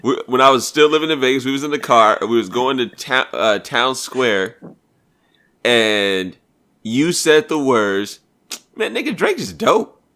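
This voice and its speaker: A man's voice: mid-range voice, a little slow, pushed and bright, clean tone. A man hosting a casual talk show, laid-back and teasing. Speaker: host. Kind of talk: casual podcast chat.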